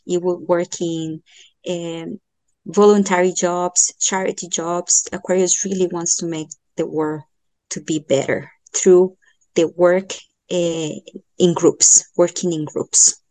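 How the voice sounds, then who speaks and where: Woman astrologer, talks real slow w lots of ums, lowish voice, dry close mic. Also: little pitch movement, mellow, no echo. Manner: slow, thoughtful, many fillers and restarts. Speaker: astrologer giving a chart reading. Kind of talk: podcast interview, explaining.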